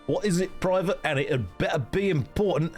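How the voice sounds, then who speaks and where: A man voicing a gruff, commanding male naval officer in a video game, his put-on accent drifting between dialects as he reads. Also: fairly high pitch, brisk, soft background music, pitched above the performer's own voice, natural voice. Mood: irritated, urgent.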